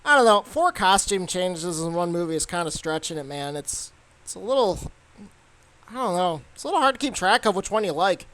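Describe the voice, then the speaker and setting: A man's voice: high voice, sing-song, a little fast, a bit bright, no room sound. A young man giving a casual, rambling movie review, full of fillers and restarts.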